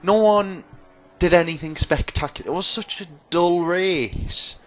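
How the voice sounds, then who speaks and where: A man's voice: high voice, measured pace. A man commentating over his own racing game, rambling, sarcastic and mocking himself. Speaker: gaming commentator.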